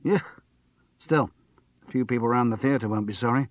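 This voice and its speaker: A man's voice: medium pitch, normal speed, no room sound, highs cut off, pitched above the performer's own voice, close to an everyday voice. A man voicing a jovial, crude-humoured male doctor who teases his friend. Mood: gossipy. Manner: teasing, crude.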